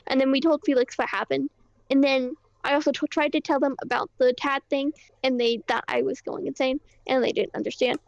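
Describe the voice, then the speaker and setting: High-voiced rambling roleplay girl, a woman playing her. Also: flat delivery, vocal fry, no echo. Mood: agitated. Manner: rambling and halting, full of fillers and swearing. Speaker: roleplay character recounting events. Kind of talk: casual in-character roleplay storytelling. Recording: dull lo-fi mic.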